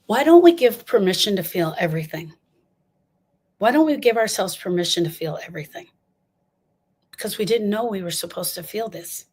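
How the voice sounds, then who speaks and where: A woman's voice: medium pitch, darkish tone, slightly rough. An older woman giving an impassioned talk on grief, emphatic and repeating lines for stress as she speaks straight to her listeners.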